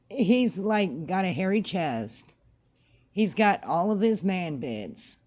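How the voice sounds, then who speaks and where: Slow, mellow-voiced woman ranting bluntly. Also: medium pitch. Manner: blunt, emphatic and repetitive. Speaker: vlogger. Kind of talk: casual opinion rant to camera.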